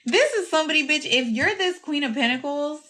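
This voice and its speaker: A woman's voice: high voice, animated, brisk, pushed and bright. A young adult woman giving a casual tarot reading to her viewers, brash, profane and teasing, often breaking into laughter. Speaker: tarot reader.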